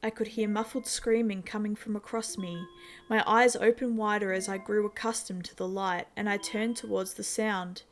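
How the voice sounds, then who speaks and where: A woman narrating a horror story in a measured, steady storytelling manner. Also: medium pitch, faint music behind.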